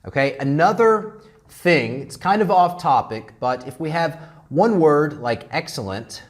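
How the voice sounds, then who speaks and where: A man's voice: a little high, lively intonation. A man teaching an English grammar lesson, drilling phrases and checking in with "okay?" over and over. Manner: repeats phrases slowly to model pronunciation.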